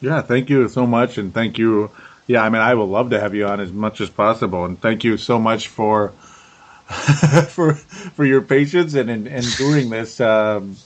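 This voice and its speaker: A man's voice: on the low side, steady tone, a little slow. Middle-aged guy hosting a sports podcast, beat tired, keeps laughing, repeats himself a lot. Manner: laughs often, repeats words, rambling. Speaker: podcast host. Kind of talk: casual sports podcast chat.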